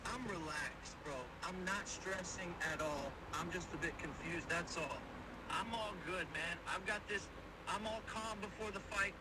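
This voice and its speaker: A man's voice: sits high, measured pace. An AI voice clone of a cocky young male boxer, boasting in casual slang, played from a phone speaker. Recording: distant, noisy phone playback.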